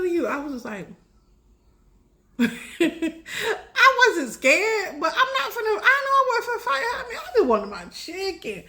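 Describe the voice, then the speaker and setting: High-voiced chatty woman telling a story. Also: normal speed. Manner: chatty, laughing often, rising high when excited. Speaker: tarot reader telling a personal story. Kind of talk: casual storytelling.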